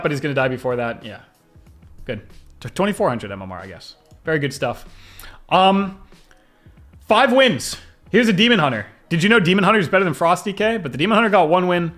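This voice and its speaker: A young man with a slightly high voice talks through replays of his own matches, excitable and quick to laugh. His delivery jumps around as the action unfolds, and faint music plays underneath. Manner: excitable, fast-shifting, laughs often. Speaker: gaming video creator. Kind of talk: gameplay replay commentary.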